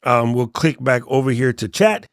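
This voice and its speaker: A man's voice: medium pitch, moderate pace, no room sound. Laid-back man explaining in a dry room. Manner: relaxed, joking, trails off at sentence ends. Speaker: tech tutorial host. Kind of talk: casual screen walkthrough tutorial.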